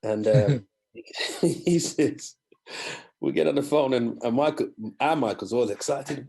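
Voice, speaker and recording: A man, a guest musician telling animated anecdotes in a podcast interview and acting out other people's voices. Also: medium pitch, unhurried. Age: 50s.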